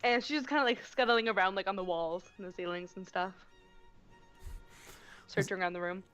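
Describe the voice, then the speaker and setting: A woman's voice: mid-range voice, fairly even intonation, a little fast, highs cut off, over music. A woman playing in a tabletop game, loosely describing what her character does. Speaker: player. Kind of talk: casual tabletop chat.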